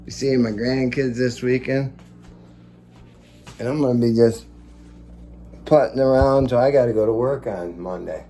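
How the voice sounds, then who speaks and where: A man in his sixties vlogs from home, unhurried and pausing often as he rambles, swears and chuckles through his tales. His voice is mid-range and dark, and there's echo in the room along with a faint hum.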